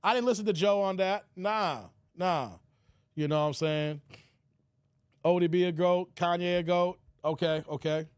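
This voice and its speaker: A man giving casual, teasing commentary on his own channel, slangy and quick to laugh. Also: high-pitched, steady tone, a little mellow, clear, resonant tone, no echo, clean studio sound. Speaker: YouTube commentator.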